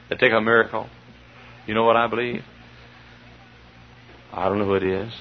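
A middle-aged man preaching a fervent sermon in a church, dropping to low murmurs and then rising to shouted peaks. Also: fairly even intonation, moderate pace. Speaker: pastor. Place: church sanctuary. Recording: dull lo-fi sermon recording.

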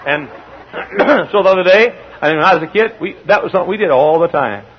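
A man preaching a sermon, telling stories with animation and building to shouts. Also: high-pitched, animated, a little fast, a little hiss or hum. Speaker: pastor. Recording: dull lo-fi archival sermon tape.

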